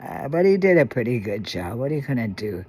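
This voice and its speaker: An older woman talking casually to her viewers in a halting, rambling way, full of fillers and restarts. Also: rumbling low, big pitch swings, a little mellow, husky. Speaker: vlogger.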